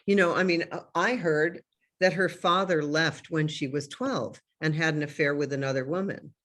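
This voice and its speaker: A woman doctor who is a guest in a casual interview, speaking in a reflective, measured way over a video call. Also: sits low, a bit bright.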